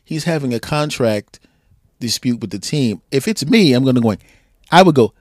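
A man guest on a podcast, telling stories in casual sports banter, animated and full of restarts. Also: mid-range voice, moderate pace, no room sound, studio quality. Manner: animated storyteller, frequent restarts, laughs at own jokes.

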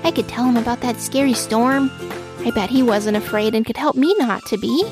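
A woman voicing a timid, insecure little pet rock that speaks in a shaky, halting way in a storybook reading. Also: on the high side, music in the background, lightly acted. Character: timid shy pet rock, small and unsure.

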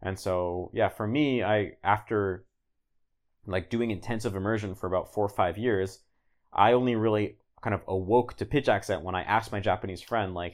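Low-pitched male guest, loose conversational delivery, frequent fillers. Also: moderate pace. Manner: relaxed, rambling, many "like"s and restarts. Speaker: guest, language learner. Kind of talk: casual podcast interview.

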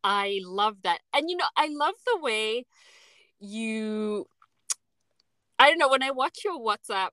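A woman's voice: on the high side, lively intonation, slow, pauses often, sharp tone, no echo. A woman hosting a podcast, asking her guest questions in an encouraging, friendly way. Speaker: podcast host. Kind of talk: casual interview chat.

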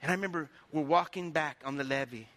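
A man's voice: a little high, fast talker, a bit bright. A middle-aged man preaching a sermon as pastor, telling folksy stories and calling out to his congregation.

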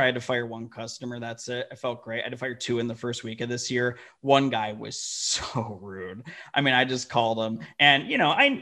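A man, a company founder guest telling lively, profane stories in a casual interview. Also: mid-range voice. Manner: animated, profane, acts out quoted dialogue.

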